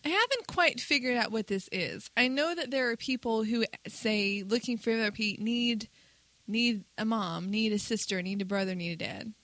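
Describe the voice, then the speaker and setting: A woman chats casually as a podcast co-host, telling a story with wry asides. Her voice sits a little high and rings bright and forward. The sound is dry and close, with no room around it. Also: normal speed, no room sound, low-quality recording. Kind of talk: casual chat.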